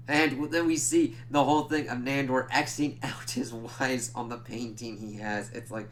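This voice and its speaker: A man's voice: mid-range voice, steady tone, moderate pace, hardly any pauses, slight background noise. A man giving a loose, casual recap of a TV episode, swearing freely and using lots of fillers. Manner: loose, profane, full of "like" fillers. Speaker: TV reviewer.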